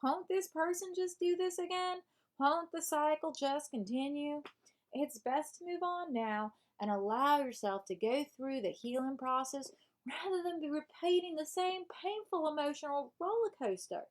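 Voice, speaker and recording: Woman doing a high, preachy Southern advice lady. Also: lively intonation, normal speed. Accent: put-on American Southern. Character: chirpy Southern woman giving breakup advice. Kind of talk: reading a self-help book aloud in character. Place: home live stream.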